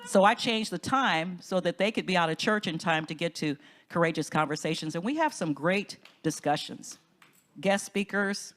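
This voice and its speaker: At a conference, a woman minister gives an inspirational talk at a moderate pace. She tells stories with lively energy, her voice frequently climbing high with enthusiasm.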